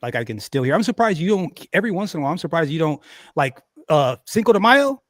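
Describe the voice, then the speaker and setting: Man, high voice, podcast host, animated, profane, dry recording. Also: quick pace, no room sound. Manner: animated, profane, acts out quotes loudly. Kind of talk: casual storytelling chat.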